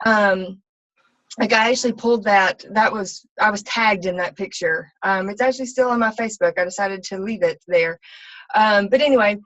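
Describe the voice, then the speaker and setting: A woman's voice: medium pitch, moderate pace, a bit bright. A woman, a fitness coach, telling her personal story in a candid, rambling way full of ums and restarts. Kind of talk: personal testimony talk. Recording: slightly dull, lo-fi sound.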